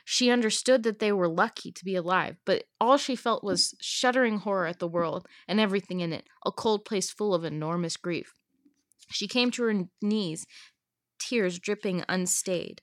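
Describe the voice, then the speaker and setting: A woman's voice: mid-range voice, moderate pace, no echo, studio quality. Young woman reading a novel aloud. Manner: expressive, laughs often, chatty. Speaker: reader.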